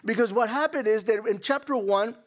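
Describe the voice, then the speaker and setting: A male preacher with a high voice delivers an animated sermon. He stammers and restarts often. He keeps throwing rhetorical questions at his listeners. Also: brisk.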